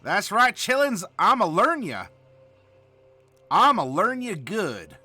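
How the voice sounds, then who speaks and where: A man's voice: high-pitched, very animated, slow, bright, forceful tone, soft background music, heavily acted. A man putting on a folksy backwoods country bumpkin with an exaggerated Southern US drawl, hammy and full of mangled grammar. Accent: exaggerated Southern US drawl, put on. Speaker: host doing a joke voice. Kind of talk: comic bit in a game-rules discussion.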